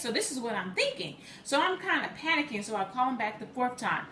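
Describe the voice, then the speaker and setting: An animated woman tells a personal story straight to her viewers and acts out both sides of the exchange. Her voice sits a little high and comes across sharp and bright. The sound is roomy and echoey, with clear reverb around her. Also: fairly quick, hardly any pauses, a little hiss or hum. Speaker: vlogger.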